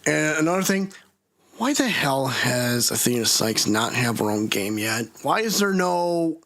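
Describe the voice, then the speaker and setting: A man's voice: mid-range voice, sing-song, unhurried, fairly bright tone. A man chatting casually on a live stream, rambling with lots of fillers.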